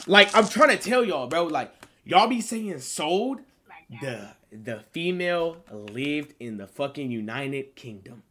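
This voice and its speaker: A man's voice: on the high side, big pitch swings, slow pace, a little hiss or hum. A man streaming on a video chat app, chatting in a joking, slangy, profane way. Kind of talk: casual chat.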